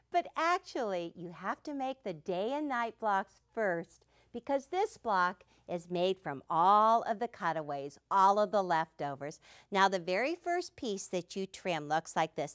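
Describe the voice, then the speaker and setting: An older woman hosting a quilting show, enthusiastically describing quilts and then teaching a sewing technique. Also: mid-range voice. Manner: gushing, enthusiastic, starts lines with "well".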